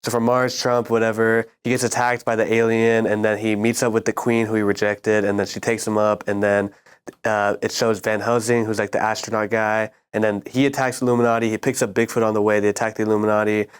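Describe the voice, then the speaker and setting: A young man with a smooth, clean voice that sits a little low. He rambles through a casual chat in a laid-back way, full of fillers and loose run-on phrases. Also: flat delivery, a little fast. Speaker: student show panelist.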